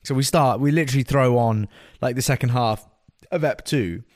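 A man's voice: mid-range voice, moderate pace. A man co-hosting a podcast, bantering and teasing in a casual, exclamatory way. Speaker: podcast co-host. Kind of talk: casual bickering chat.

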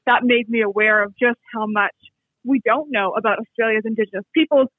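Over a tinny, phone-like line with no echo, a Canadian man who writes books talks reflectively as a guest in an interview, frequently starting his sentences over. He has a very high, husky voice and speaks a little fast.

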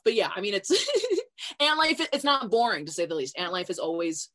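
A woman's voice: medium pitch, sing-song, normal speed, fairly bright tone. Chatty young woman, laughing often. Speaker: guest. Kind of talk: casual chat.

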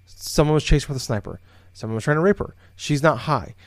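This man's voice runs on the high side, and he talks quickly in a room with no echo. Co-hosting a podcast from his home office, he works through a long, casual story full of fillers and false starts.

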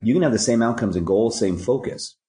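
A man's voice: medium pitch, fairly quick, dark tone, echoey room. A man speaking as a podcast guest, telling stories and giving earnest, preachy life advice with rhyming catchphrases. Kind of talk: conversational storytelling and life advice.

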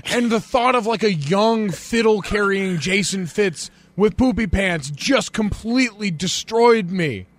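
A man's voice: high-pitched, a little slow, hardly any pauses, fairly bright tone. A man co-hosting a sports radio show, out of breath from laughing and joking around. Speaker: co-host.

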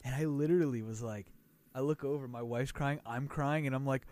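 A man's voice: medium pitch, fairly quick. A man co-hosting a podcast, telling stories in casual chat with exaggerated delivery and frequent laughter. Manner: animated, laughs often, exaggerated storytelling. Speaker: podcast co-host.

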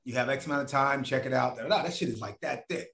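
A man's voice: mid-range voice, quick pace, creaky, fairly bright tone, reverberant, slight background noise. A man as a podcast guest, telling a long story in a casual, profane way and acting out other people's voices.

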